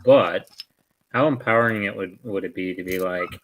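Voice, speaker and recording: A man's voice: deep voice, moderate pace, a little hiss or hum, poor audio. A man in his forties chatting casually as a co-host, easygoing and prone to rambling explanations. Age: 40s. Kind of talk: casual chat.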